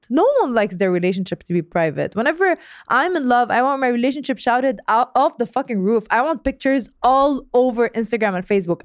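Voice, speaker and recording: A young woman giving a blunt, profane relationship rant to the camera, animated and laughing often. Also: medium pitch, no room sound, studio quality. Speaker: vlogger.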